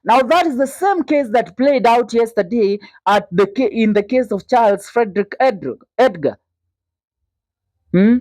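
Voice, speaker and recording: A woman's voice: fairly high pitch, animated, unhurried, darkish tone, no room sound. A woman with a Kenyan accent giving indignant, opinionated news commentary, asking rhetorical questions and slipping into Swahili.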